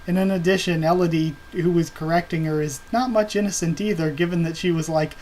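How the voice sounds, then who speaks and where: A man talking casually through his reaction to a comic, rambling and stopping to correct himself. His voice sits a little high for a man. Faint noise hums in the background. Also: steady tone, brisk, few pauses, darkish tone, poor audio. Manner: rambling, many fillers and self-corrections. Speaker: comic reaction video host.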